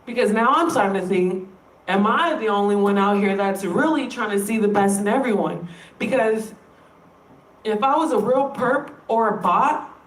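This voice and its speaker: A woman's voice: mid-range voice, moderate pace. A woman vlogger speaking straight to her viewers in an emphatic, frustrated rant, swearing freely as she makes her point. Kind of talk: direct-to-camera rant. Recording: roomy sound, distant from the mic.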